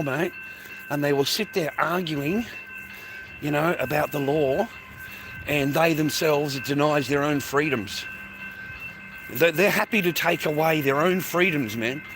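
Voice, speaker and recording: Over music, a tired middle-aged man livestreams from his phone, coughing, swearing and rambling casually while calling his listeners "mate." His voice is a little high and a little slow.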